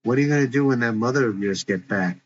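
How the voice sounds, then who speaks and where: A man's voice: medium pitch, quick pace, slight background noise, lightly acted. A man voicing a tough, distrustful teenage girl who talks bluntly and with slang, in a dull lo-fi recording.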